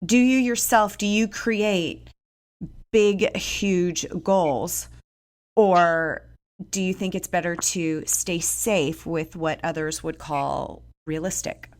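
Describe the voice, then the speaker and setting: A woman hosting a podcast interview, enthusiastic and affirming, circling her questions with restarts before landing on them. Her voice is somewhat low for a woman. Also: slow. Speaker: podcast host.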